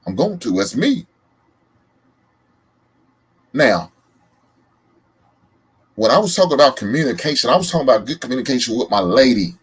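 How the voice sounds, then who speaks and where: A man's voice: medium pitch, moderate pace, pauses often, husky. A man from the American South with a Southern accent, hosting a reaction show in casual, emphatic commentary. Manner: animated, emphatic, loud laughs.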